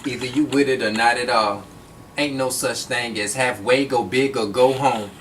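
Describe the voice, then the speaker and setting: Man reciting steady spoken word verse. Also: medium pitch, moderate pace, slight background noise.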